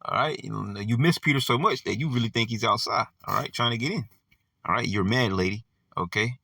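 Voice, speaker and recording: A man's voice: mid-range voice, brisk, gravelly, sharp tone, husky, no room sound, clean studio sound, distant mic. A man teaching a Bible study in a casual, conversational way, peppered with fillers like "all right" and "you know". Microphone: audio only, not seen.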